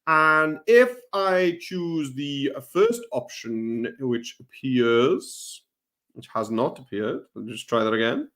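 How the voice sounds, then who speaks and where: A man's voice: mid-range voice, animated, takes it slowly, a bit bright. A man from Wales co-hosting a live lesson, giving an upbeat, enthusiastic step-by-step walkthrough. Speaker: co-host teacher. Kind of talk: casual step-by-step demo.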